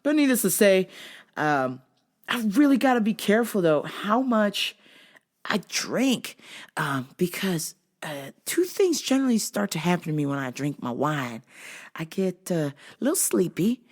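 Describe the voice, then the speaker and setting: Animated, joking woman podcast host. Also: medium pitch, moderate pace. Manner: profane, joking storyteller who acts out sounds and voices. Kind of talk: casual comedic monologue.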